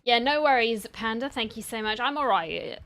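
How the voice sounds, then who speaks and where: A woman's voice: a little high, animated, moderate pace, fairly bright tone, dry recording. A woman streaming from home, chatting casually with her viewers and greeting them by name, a little tired from the heat. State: tired from heat and poor sleep. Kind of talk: casual live-stream chat.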